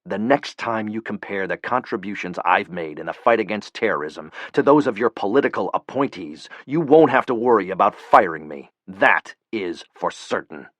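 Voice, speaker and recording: A blunt, furious CIA operative, voiced by a male narrator in an audiobook. His low voice carries cold, cursing anger. The sound is dry and close. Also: animated, moderate pace, hardly any pauses, fairly bright tone, dry recording. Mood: cold fury.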